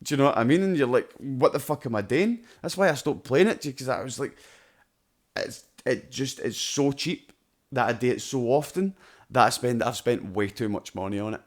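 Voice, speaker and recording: A man's voice: medium pitch, animated, normal speed. Man, Scottish accent, podcast co-host, casual storytelling, sweary, laughs easily. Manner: swears freely, loud and laughing while telling anecdotes.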